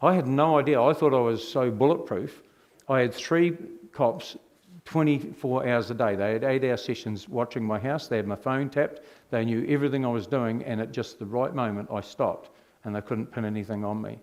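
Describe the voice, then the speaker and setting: A man's voice: mid-range voice, normal speed. Middle-aged New man telling his testimony. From New Zealand. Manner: animated, rhetorical questions to the audience. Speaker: speaker giving his testimony. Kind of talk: personal testimony storytelling.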